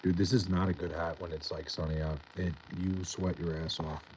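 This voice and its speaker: Deep-voiced laid-back male streamer. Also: moderate pace, noisy background. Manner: laid-back, profane, deadpan. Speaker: live streamer reading chat. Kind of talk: casual live-stream chat.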